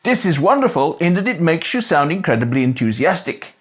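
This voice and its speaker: Animated male explainer with a huskier, higher voice, lots of rise and fall. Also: a little fast, breathy edge. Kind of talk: explaining accents in a clip.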